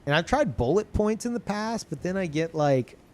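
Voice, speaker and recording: Male streamer, loose and profane, rambling casual chat, pitch swings around a lot. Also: expressive, moderate pace. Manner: rambling, swearing, restarts sentences often. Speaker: livestreamer. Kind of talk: casual chat to a live audience.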